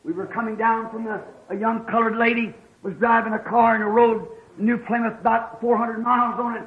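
Fervent high-voiced preacher, old lo-fi tape. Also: male voice, steady tone, a little fast. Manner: fervent, rising to shouts in stories. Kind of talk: sermon.

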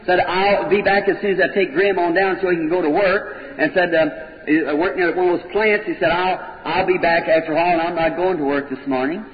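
A man's voice: high voice, fairly even intonation, brisk. A man preaching, telling a story in folksy sermon style and acting out people's words. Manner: folksy storytelling, quotes people in changed voices. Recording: dull old recording, echoey hall, crowd.

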